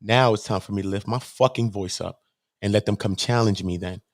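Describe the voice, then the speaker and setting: A man hosting his own channel, delivering a heated, profane commentary rant that swings between low muttering and high-pitched shouting. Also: fairly quick. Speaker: channel host.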